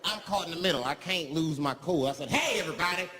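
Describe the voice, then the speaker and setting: A male stand-up comedian telling a profane, conversational story, swinging between low mutters and sudden outbursts. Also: quick pace, a bit bright. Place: live comedy venue. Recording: live stage mic, crowd noise. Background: audience laughter and noise.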